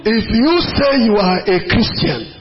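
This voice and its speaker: A Nigerian man preaching a sermon as pastor, emphatic and repetitive, rising to shouts. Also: high voice, lively intonation, a little slow, soft background music. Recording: dull lo-fi recording, faint hiss.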